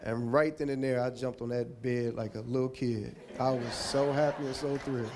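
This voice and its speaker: A man's voice: medium pitch, fairly even intonation, normal speed, noisy background. A man giving a heartfelt, rambling Hall of Fame acceptance speech, thanking people one by one.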